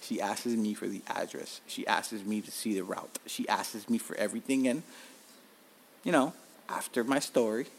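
A man's voice: on the low side, normal speed, creaky, a little hiss or hum. Profane storytelling podcast host, a man. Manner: profane, animated, tells stories with acted-out quotes. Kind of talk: casual storytelling monologue.

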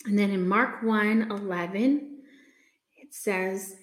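A woman giving an unhurried, earnest devotional talk with many pauses and ums, reading scripture aloud. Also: mid-range voice. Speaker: speaker sharing a faith reflection. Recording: echoey room.

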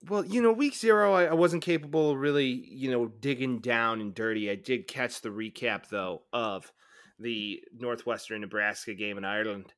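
A man's voice: fairly low pitch, normal speed, a bit bright. A young man co-hosting a casual sports podcast, rambling and laid-back, with lots of fillers. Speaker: podcast co-host.

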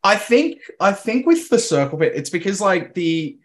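Laughing, halting guest. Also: male voice, high-pitched, big pitch swings. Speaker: podcast guest. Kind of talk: casual podcast chat.

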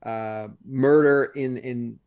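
A man's voice: medium pitch, fairly even intonation, slow pace, a little mellow, clean tone. A man in casual chat, rambling with restarts as he retells events. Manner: rambling, restarts, retells trial scenes with quoted lines.

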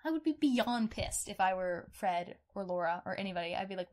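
A young woman co-hosting a podcast, chatting in an expressive, outspoken way and swearing casually. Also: medium pitch, brisk. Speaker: podcast co-host. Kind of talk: casual true-crime chat.

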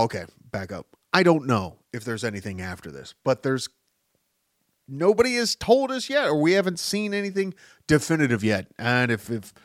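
A man's voice: mid-range voice, dry recording, studio quality. A man hosting a podcast who rambles through tangents, swears freely and jumps his voice up for emphasis. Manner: rambling, profane, jumping between tangents; animated, voice jumping up for emphasis. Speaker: podcast host. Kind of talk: casual rambling monologue.

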